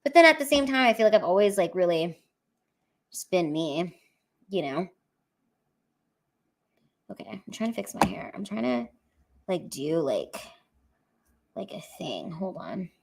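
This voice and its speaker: A woman's voice: on the low side, very animated, unhurried, creaky, pauses often. A woman comedian chatting casually on a livestream from home into her camera mic, rambling with lots of fillers.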